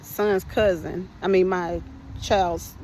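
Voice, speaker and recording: A woman's voice: on the low side, steady tone, slow, darkish tone, slight background noise, rough recording. A woman hosting a podcast and telling her personal testimony in a conversational way, often speaking to listeners as "y'all" and restarting her sentences.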